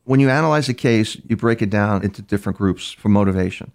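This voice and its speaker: Talking fast in a gravelly, fairly low voice that's a little mellow, an older man who works as a criminal profiler tells stories during an interview. His conversational storytelling is marked by frequent restarts and repeated words.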